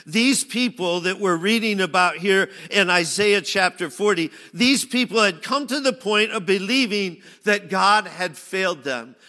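A man preaching a sermon, shifting from loud pleading cries to hushed, low phrases. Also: unhurried, few pauses, big-room sound. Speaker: pastor.

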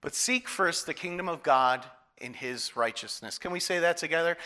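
A man's voice: a little high, normal speed, few pauses, bright, forceful tone. A male pastor preaching a sermon, telling a personal story and asking the congregation questions. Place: church hall. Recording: long hall reverb.

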